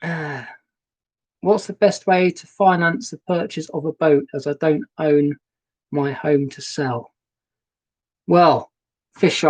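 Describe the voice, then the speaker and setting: A man's voice: on the high side, darkish tone. Bloke chatting away on a live stream from his narrowboat, rambly, says hi to viewers, laptop mic sound. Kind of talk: casual live-stream chat. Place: narrowboat cabin. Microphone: laptop webcam and new microphone.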